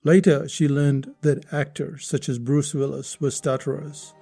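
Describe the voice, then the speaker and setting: A man with a slightly high, mellow voice hosts a podcast lesson on writing. He explains each point step by step and keeps putting rhetorical questions to the listener. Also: flat delivery, a little slow, vocal fry, slightly rough, faint music behind. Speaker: podcast host teaching writing.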